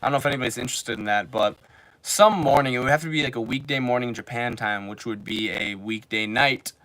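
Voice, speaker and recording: A man's voice: mid-range voice, fast talker, pushed and bright, no echo. A man in his twenties streaming casually, telling rambling stories full of fillers and reading viewer comments. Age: 20s. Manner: rambling, filler-heavy storytelling. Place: home in Japan.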